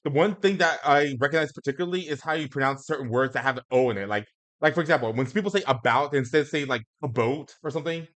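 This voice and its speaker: A man hosts a casual talk stream. His voice sits a little high for a man, and he speaks hesitantly. He starts over often while reading viewer questions. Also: quick pace, a bit bright. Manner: hesitant, many fillers and restarts. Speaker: host. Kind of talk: casual chat.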